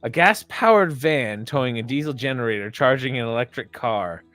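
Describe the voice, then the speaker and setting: A man's voice: medium pitch, expressive, moderate pace, a bit bright, no echo. A man reading memes aloud on a stream and laughing often, in a casual reaction chat.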